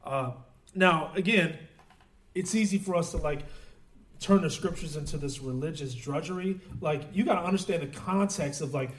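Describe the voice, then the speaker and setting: A man preaching a sermon in a relaxed, conversational way, with many fillers and restarts. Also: fairly high pitch, moderate pace, slight background noise. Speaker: pastor. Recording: roomy echo, voice from a distance.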